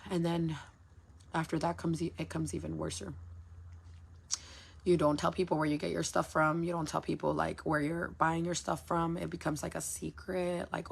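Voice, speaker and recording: A woman's voice: deep voice, normal speed, vocal fry, slightly rough. A woman who runs a small business, venting frankly in a casual livestream, swearing freely and repeating herself for emphasis. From United States. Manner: frank and profane, repeats phrases.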